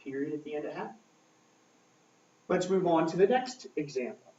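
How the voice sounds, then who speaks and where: A man teaching a grammar lesson at a board, talking slowly and checking in often with "okay?". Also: fairly high pitch, lively intonation, background noise. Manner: slow, checking in with frequent "okay?". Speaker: English teacher. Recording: echoey room, mic far off, dull lo-fi sound.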